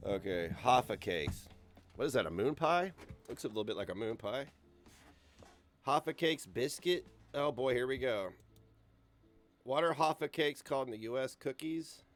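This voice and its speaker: A man's voice: mid-range voice, expressive, normal speed, pauses often. An American young man streaming from his computer, chatting in a rambling, crude, sarcastic way. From United States. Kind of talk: casual stream chat. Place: home computer setup.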